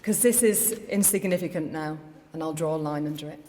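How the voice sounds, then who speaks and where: Her voice low, dark, and brisk, a middle-aged woman who has just won the mayoralty gives an emphatic victory speech at a lectern in an election count hall. She makes rallying declarations as the large hall rings with long reverb.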